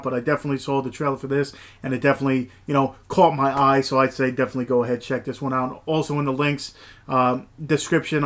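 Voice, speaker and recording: A man's voice: on the high side, fairly bright tone. A man giving a casual, rambling movie review, full of fillers and enthusiasm. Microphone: camera mic, movies shelved behind.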